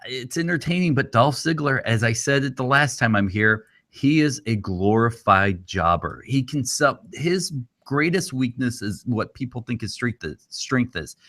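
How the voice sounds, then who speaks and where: A man's voice: medium pitch, expressive, moderate pace, a bit bright. Blunt man co-hosting a podcast. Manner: blunt, critical opinions. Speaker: podcast co-host. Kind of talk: casual wrestling podcast chat.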